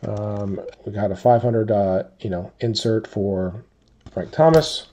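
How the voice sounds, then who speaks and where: Slow, mellow man calling card breaks. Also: fairly low pitch. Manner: slow, relaxed listing of teams and cards. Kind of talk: live card break commentary.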